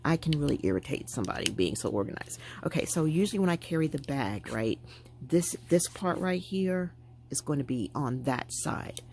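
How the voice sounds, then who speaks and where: A woman's voice: deep voice, moderate pace, slight background noise. A woman vlogger chatting casually to her viewers as she packs a handbag. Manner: chatty, animated, talking to viewers while packing a bag. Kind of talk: casual chat.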